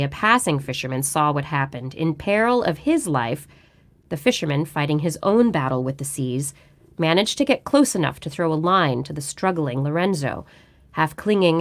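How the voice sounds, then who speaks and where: A woman at home reading a book chapter aloud as a storyteller, in a steady, measured delivery. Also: sits low.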